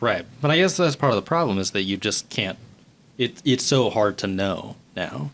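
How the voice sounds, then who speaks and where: A man's voice: lowish voice, lively intonation, normal speed, fairly bright tone. Easygoing man hosting a tech podcast. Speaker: podcast host. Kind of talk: casual chat.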